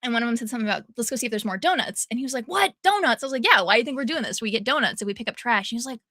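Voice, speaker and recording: A woman co-hosting a casual chat, telling an anecdote in animated bursts and acting out the people she quotes. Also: on the high side, very fast, no room sound, studio quality. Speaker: podcast co-host.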